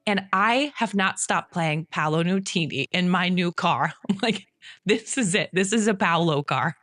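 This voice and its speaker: A woman's voice: lowish voice, unhurried, fairly bright tone, no room sound, clean studio sound. Chatty woman co-hosting a podcast. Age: about 40. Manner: chatty, enthusiastic, laughs often. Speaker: podcast co-host. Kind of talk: casual chat.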